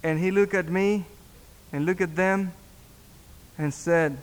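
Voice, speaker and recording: A man, a pastor, telling a story in a sermon, halting and repeating words as he acts out the dialogue. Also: high-pitched, fairly even intonation. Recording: long reverb in a hall.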